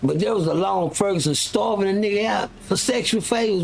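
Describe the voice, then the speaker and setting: Man, high voice, gravelly, heated profane rant, rambling with fillers, live-stream host. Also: a little fast, slight background noise. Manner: frequent restarts and filler words.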